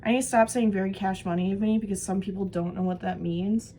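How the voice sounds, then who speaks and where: A young woman vlogging while she does special effects makeup, chatting casually and poking fun at herself, sometimes trailing off into soft mumbles. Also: medium pitch, fast talker, a little hiss or hum, rough recording. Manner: chatty, self-mocking, drifts into soft mumbles. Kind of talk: rambling casual chat while doing makeup.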